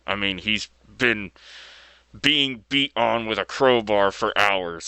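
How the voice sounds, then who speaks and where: A man's voice: fairly low pitch, pushed and bright, clean tone, dry recording. A man casually retelling a story as video host, laid-back and loose with fillers and mild slang.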